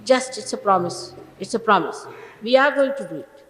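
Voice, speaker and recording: A woman's voice: medium pitch, animated, normal speed, a bit bright, reverberant, big-room sound, rough recording. An older woman giving an informal sermon to her followers as a spiritual teacher, emphatic and scolding, full of rhetorical questions, in an old archive recording.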